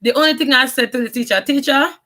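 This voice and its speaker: A woman's voice: sits high, very fast, sharp tone. A young Jamaican woman with a strong Jamaican accent, telling her life story in a casual, rambling vlog, mixing in patois and often restarting her sentences. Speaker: vlogger.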